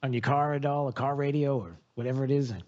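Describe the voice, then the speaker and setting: A man's voice: mid-range voice, fairly even intonation, fast talker, darkish tone. A man hosting a radio talk show, chatting casually and rambling with plenty of filler words. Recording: lo-fi radio broadcast.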